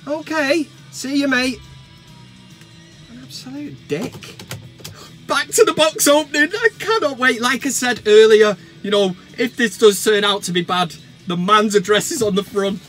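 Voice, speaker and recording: A young man hosting a fan vlog, giddy, shouty and crude as he opens a parcel. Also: very high-pitched, normal speed, soft background music. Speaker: vlog host.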